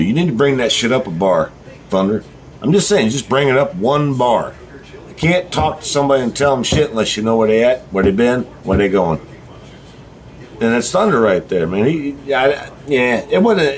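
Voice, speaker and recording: In this vlog, a middle-aged man with a drawl speaks in a mid-range voice, animated and fairly quick. His monologue to viewers is a blunt, heated rant in which he swears freely.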